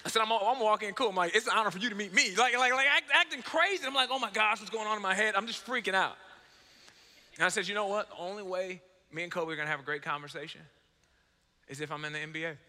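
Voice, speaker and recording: A high, strikingly bright male voice preaches with lively storytelling and self-mocking humor. He acts out conversations and swings between hushed moments and excited bursts. A long reverb from a large hall trails every phrase. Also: fast talker. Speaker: pastor. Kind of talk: sermon.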